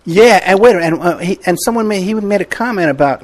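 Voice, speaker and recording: A man hosting a podcast in casual chat, excitable and quick to laugh. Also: high-pitched. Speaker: podcast host.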